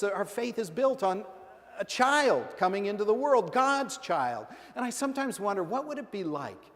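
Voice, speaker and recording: Man, middle-aged, pastor, conversational sermon, higher voice, long church reverb. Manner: conversational preaching with playful quoted voices. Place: large church sanctuary.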